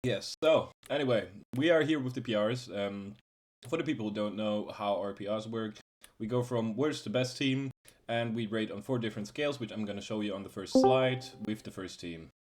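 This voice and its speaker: A man's voice: lowish voice, moderate pace, darkish tone. A young man hosting a casual podcast, laid-back and swearing now and then as he explains how things work. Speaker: podcast host.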